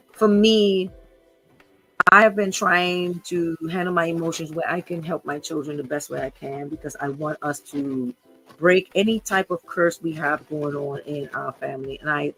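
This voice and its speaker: A woman's voice: low voice, fairly even intonation, measured pace, fairly bright tone, soft background music, poor audio. Emotional woman hosting a live podcast. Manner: emotional, earnest, repeats herself. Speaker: podcast host. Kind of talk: unscripted livestream talk.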